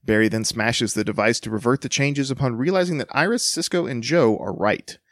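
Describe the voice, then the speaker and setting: A man's voice: medium pitch, lively intonation, fairly quick, no room sound, clean studio sound. A man co-hosting a casual podcast, reading a summary with playful inflections and laughter. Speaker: podcast co-host.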